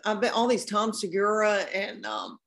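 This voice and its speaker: A woman's voice: medium pitch, steady tone, normal speed, fairly bright tone. A woman, a comedian guest chatting on a podcast in a folksy, self-deprecating way. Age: 50s. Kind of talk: casual podcast chat.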